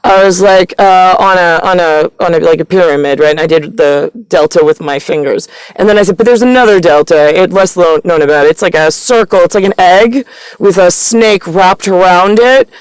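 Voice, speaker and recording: A woman's voice: on the low side, moderate pace, clean tone, dry recording, poor audio. A woman vlogging straight to camera in a meandering, profane, stream-of-consciousness monologue. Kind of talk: rambling direct-to-camera monologue.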